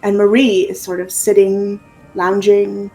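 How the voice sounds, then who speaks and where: A woman's voice: medium pitch, level tone, unhurried, warm tone, soft background music, low-quality recording. Woman game master narrating casually.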